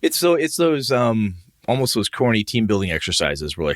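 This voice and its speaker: A man's voice: on the low side, big pitch swings, moderate pace, dry recording, clean studio sound. A man co-hosting a podcast, talking in a casual, profane, rambling way and acting out the voices he quotes. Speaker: podcast co-host. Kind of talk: casual chat.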